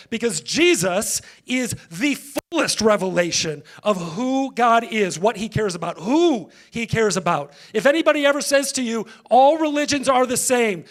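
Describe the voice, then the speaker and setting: A male pastor giving a conversational sermon, engaging the congregation directly. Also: high voice.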